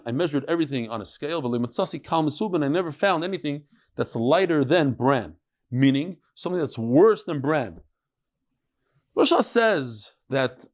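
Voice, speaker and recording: A middle-aged man teaching a lively Talmud lesson to a live audience, mixing Hebrew and Yiddish terms and joking with listeners. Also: a little high. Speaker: rabbi teaching a daily Talmud class. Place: study hall with a live audience.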